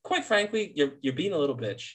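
Podcast co-host, man, high bright voice, profane ribbing banter. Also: very animated, fairly quick. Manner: teasing, profane, laughs often. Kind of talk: casual chat between friends.

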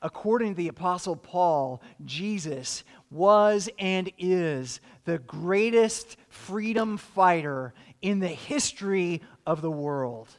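A man's voice: sits high, long reverb tail. A man preaching a sermon as pastor, joking dryly in asides and then stacking earnest rhetorical questions.

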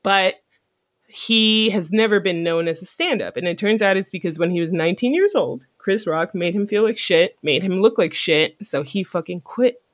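A podcast host telling a story in casual chat, animated and profane, often laughing. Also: medium pitch, normal speed, no echo.

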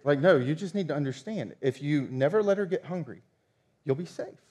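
A man in his thirties preaching a sermon, telling stories with lively acted-out dialogue. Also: fairly high pitch, brisk. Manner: animated storytelling, acts out quoted dialogue. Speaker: pastor.

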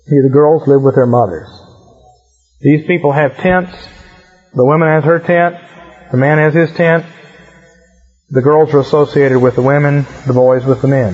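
Brief: male Bible teacher, slightly high husky voice, reads verses then chats about them; lo-fi. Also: moderate pace. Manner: reads verses, then explains in relaxed asides. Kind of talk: scripture reading with casual commentary. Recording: muffled lo-fi recording.

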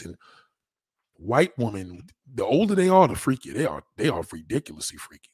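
A man hosts a casual streamed chat, rambling crudely in street slang. His voice is husky, and his pitch swings up and down a lot. The sound is dry and close, with no room echo. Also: huge pitch swings, normal speed, darkish tone. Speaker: host.

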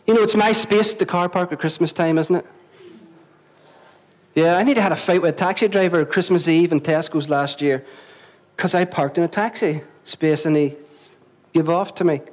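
A Northern Irish man with a high voice delivers a sermon to his congregation. He talks in a chatty way, repeating words and asking the room questions. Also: moderate pace, poor audio. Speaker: pastor. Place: church venue before a congregation.

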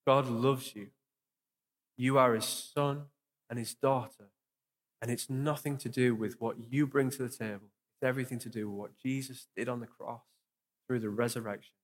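A young man preaches as a pastor in a church hall, his mid-pitched voice carried by a long, lingering reverb. He is earnest and encouraging and repeats key phrases for emphasis. He leads the room in prayer in the same steady sermon manner. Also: moderate pace.

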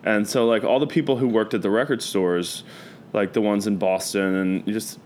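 A man with a lowish voice spins rambling, profane stories in casual conversation. He strings thoughts together with lots of fillers and restarts. A faint hiss sits under the recording. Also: fairly even intonation, normal speed, darkish tone. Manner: rambling storyteller, loose and profane, many fillers. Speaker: guest. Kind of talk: casual chat.

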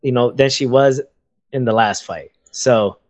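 A man co-hosting a podcast, talking casually and haltingly with many pauses and ums. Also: mid-range voice, darkish tone. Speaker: podcast co-host.

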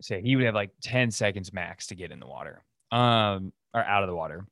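A man's voice: lowish voice, brisk, gravelly, fairly bright tone, dry recording, clean studio sound. A man hosting a casual solo podcast, rambling through stories with lots of fillers and restarts. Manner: rambling, filler-heavy, loose storytelling. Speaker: podcast host.

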